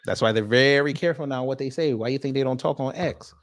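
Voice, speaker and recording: A man at an ordinary middle pitch, talking through a casual commentary chat. He is blunt and mocking, uses a lot of slang and some swearing, and keeps turning to address the audience directly. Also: quick pace. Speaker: host.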